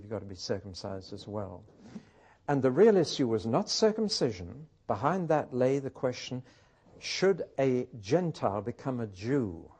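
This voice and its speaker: Lively man teaching scripture. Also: medium pitch. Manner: emphatic, rhetorical questions, storytelling. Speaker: Bible teacher. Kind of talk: teaching talk with anecdotes.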